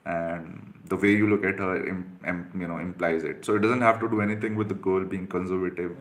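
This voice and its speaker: Guy dating coach going through viewer questions, lowish voice, blunt and direct, lots of uh and you know. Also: steady tone, fairly quick, fairly bright tone. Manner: direct, instructive, with many fillers.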